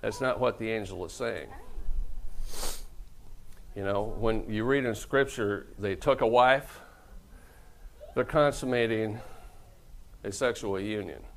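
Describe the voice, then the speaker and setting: A man's voice: lowish voice, slow, creaky, pauses often, a little hiss or hum, poor audio. A middle-aged man preaching a humorous sermon as pastor, telling stories and acting out the people he quotes. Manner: joking, storytelling, acts out quoted voices.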